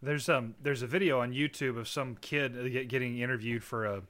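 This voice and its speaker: A man's voice: medium pitch, fairly even intonation, brisk, fairly bright tone. A man who is a parent, chatting casually as a podcast co-host, rambling and laughing often as he talks. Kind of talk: casual chat.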